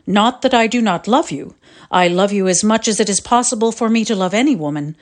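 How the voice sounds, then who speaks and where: A woman reading out a man's formal letter breaking off an engagement, in a measured voice. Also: mid-range voice, natural voice. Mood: regretful. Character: man writing a polite breakup letter.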